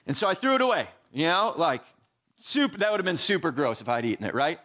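A young man giving a casual, animated sermon, full of "like" and asides. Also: fairly high pitch, a little fast. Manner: animated, filler-heavy, says "like" often.

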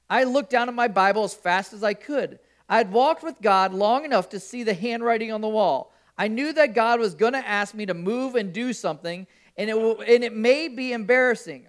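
A male pastor reading a first-person story aloud in a sermon, expressive and animated. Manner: expressive storytelling with shifting pitch and volume.

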